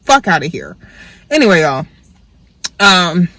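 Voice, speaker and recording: A young woman venting in a profane, animated storytime rant to her viewers. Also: lowish voice, a little slow, no room sound. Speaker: vlogger.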